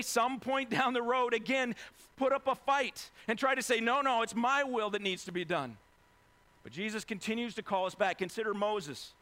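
A man preaching a sermon as a pastor, animated and conversational, acting out scenes in casual voices. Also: sits high. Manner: animated, acts out biblical figures in casual voices.

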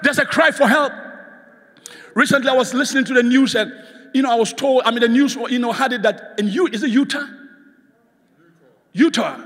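High, bright-voiced impassioned preacher man. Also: brisk, pauses often, in a large hall. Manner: impassioned, shouted calls for the congregation to respond. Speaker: guest preacher. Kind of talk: sermon. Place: church sanctuary.

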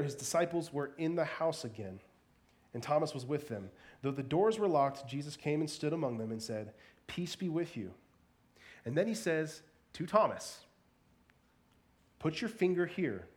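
A man giving a sermon in a conversational, animated way, with playful asides and frequent repeated words. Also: a little high, normal speed, long pauses. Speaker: pastor.

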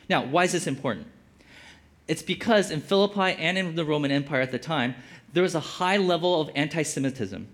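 A man's voice: a little high, animated, brisk, fairly bright tone. A man giving casual Bible teaching as a preacher, conversational and full of filler words. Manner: conversational, lots of "like" fillers, acts out quotes.

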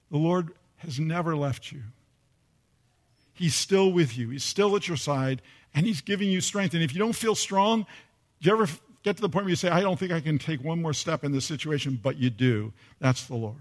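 Older guy pastor, kinda high voice, storytelling sermon, acts out the quotes. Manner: storytelling, repeats phrases for emphasis, acts out quotes.

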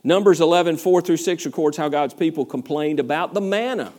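Man, pastor, Bible study sermon, somewhat high voice, animated, acts out quotes. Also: fairly quick. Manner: animated preaching, acts out complaining voices, asks the listeners questions. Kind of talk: verse-by-verse Bible teaching.

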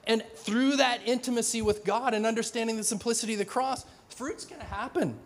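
A middle-aged man preaching a sermon in a conversational, animated way, with frequent restarts and acted-out dialogue. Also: very high voice, fast talker, a little hiss or hum. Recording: long hall reverb.

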